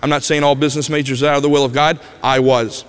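A man preaching a personal testimony as a vivid storyteller, his voice dropping to a hush at tender moments. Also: medium pitch, little pitch movement, fast, smooth. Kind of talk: emotional sermon storytelling. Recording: long hall reverb.

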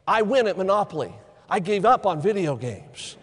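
A man's voice: high voice, sing-song, moderate pace, a bit bright, husky. A middle-aged man preaching a sermon in a church, telling stories and repeating phrases for emphasis. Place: church sanctuary. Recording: long hall reverb.

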